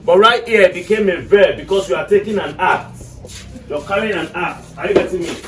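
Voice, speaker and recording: A man with a high voice teaches English in a classroom, keeps stopping to check that his students are with him, and is recorded from across an echoey room. The sound is roomy and distant rather than close and dry. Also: a little fast, background noise. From Nigeria. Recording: echoey room, mic far off.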